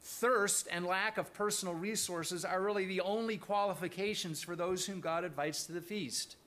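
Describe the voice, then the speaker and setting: A man's voice: sits high, steady tone, normal speed, fairly bright tone. A man preaching a sermon to his congregation, earnest and thoughtful, often restarting his phrases. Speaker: pastor.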